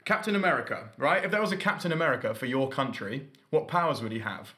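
A man co-hosts a casual podcast. His voice is bright and forceful, and his delivery stays loose, jokey and quick to laugh. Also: medium pitch, sing-song. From United Kingdom. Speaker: podcast co-host. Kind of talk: casual chat.

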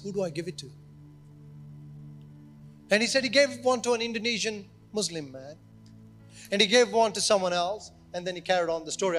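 A male pastor with a very high voice preaches at a church service, telling his story with lively energy. He acts out the voices of the people in the story as he goes. Soft music plays faintly behind him. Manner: animated storytelling, acting out quoted speech. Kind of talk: sermon.

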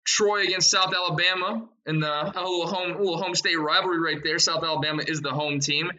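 A young man hosting a sports betting podcast, rattling off picks and odds in a fast, excited way. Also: on the high side, poor audio. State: out of breath. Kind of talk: energetic podcast chat.

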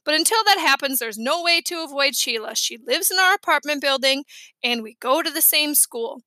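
A woman narrating a children's book aloud in a lively, expressive way. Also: sits high, normal speed, dry recording. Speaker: audiobook reader.

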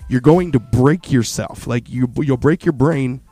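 A man's voice: mid-range voice, a little slow, mellow, soft background music, natural voice. A man quoting a cold, controlling male AI implant in a movie retelling. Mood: warning.

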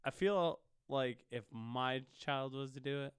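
A young man trading crude jokes and playful mock-angry jabs as a podcast co-host, his voice smooth and resonant at a middle pitch. The sound is close and dry, with no room around it. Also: a little slow, fairly bright tone, no echo. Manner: profane, joking, mock-angry bickering. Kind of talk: casual chat.

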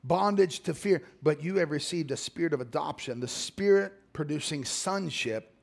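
A middle-aged male pastor preaching a sermon, dropping to low murmurs and climbing to shouted exhortation. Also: normal speed, vocal fry.

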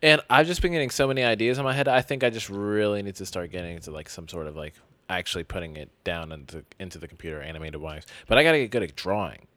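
A man's voice: deep voice, fast, a bit bright, no echo. A young man in a casual group chat, eager and agreeable.

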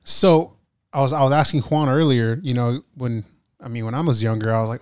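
A man's voice: medium pitch, steady tone, a little fast, darkish tone, clear, resonant tone, dry recording. Rambling male host, dry sound. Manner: loose, rambling questions with swearing. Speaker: podcast host. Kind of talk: casual interview.

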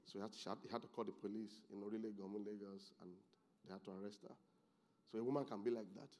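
A man preaching a sermon as pastor, moving from low, quiet asides to loud, excited exclamations. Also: very fast.

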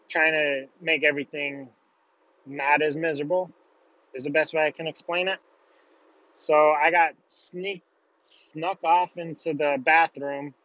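A young man with a fairly high voice tells a story casually and bluntly, swearing often. The recording is dull and lo-fi, with a dry, close sound. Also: sharp tone, no echo.

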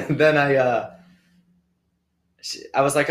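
A man's voice: fairly high pitch, steady tone, very slow, pauses often, a bit bright, reverberant. A young adult man hosting a casual solo podcast, telling stories in a joking, self-deprecating way. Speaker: podcast host.

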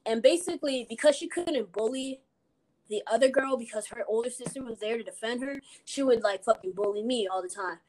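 Young woman, slightly high voice, casual storyteller who swears freely and leans on fillers. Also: brisk, a little mellow, a little hiss or hum. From Minnesota. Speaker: guest telling a story. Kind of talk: casual chat.

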